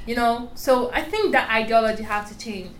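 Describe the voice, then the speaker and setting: A young woman with a strong foreign accent tells her story candidly and emphatically in an interview. Her voice is a little high and her pace moderate, and the recording has roomy echo, faint ambience, and a little hiss or hum.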